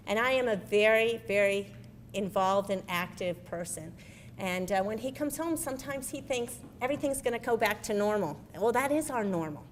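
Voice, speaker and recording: A middle-aged woman giving a lively personal storytelling speech as a military spouse, animated and full of quoted dialogue. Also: mid-range voice, normal speed, a little hiss or hum.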